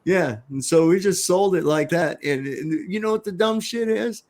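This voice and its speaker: A man's voice: high voice, normal speed, a little mellow. A man hosting a casual livestream, talking in a laid-back, profane way and laughing often. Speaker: livestream host.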